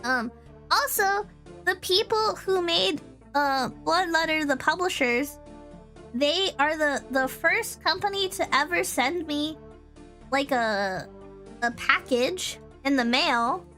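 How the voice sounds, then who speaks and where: Young woman from texas streaming a game, chatty and giggly, slow easy talk, faint music behind. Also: sits high, lively intonation, pushed and bright. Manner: rambling, giggly, lots of "like" and "um". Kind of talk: casual chat.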